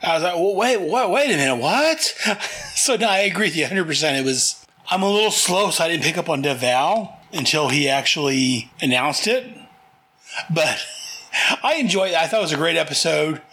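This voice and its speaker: Bright-toned man hosting a chat. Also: a little high, expressive, normal speed. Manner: jokey and laughing. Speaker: podcast host. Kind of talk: casual chat.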